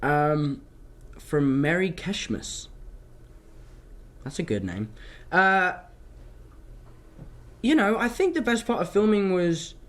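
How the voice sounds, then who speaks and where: A young man chats through fan questions in a loose, rambling way, drifting off topic as he tells stories. His voice sits a little higher than most men's. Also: big pitch swings, slow, long pauses. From London, England. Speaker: actor answering fan questions. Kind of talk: casual livestream Q&A.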